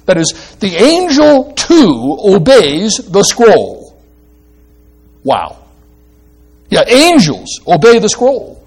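Animated man preaching a sermon. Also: sits high, takes it slowly, pauses often. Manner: animated, emphatic, asks the congregation questions. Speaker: pastor.

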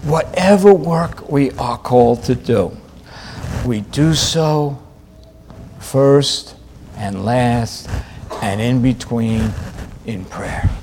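Preaching a sermon over a slight hiss or hum, a man repeats and emphasizes his key phrases. His delivery swings from loud and raised to quiet and low.

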